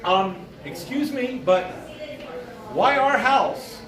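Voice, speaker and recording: A man's voice: very high-pitched, lively intonation, normal speed, crowd noise. Man voicing a dry, sarcastic mother. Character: unflappable sardonic mother talking through a door. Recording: roomy live sound from far off.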